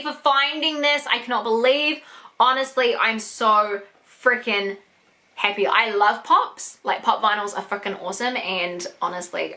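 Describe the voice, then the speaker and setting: A young woman in an unboxing vlog, gushing and excitable, swearing often as she opens gifts. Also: on the high side. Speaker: YouTuber.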